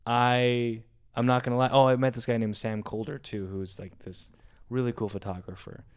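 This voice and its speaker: A man's voice: mid-range voice, moderate pace, smooth. A young man, a podcast co-host, telling a long story casually and acting out what people said. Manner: animated storyteller acting out quotes.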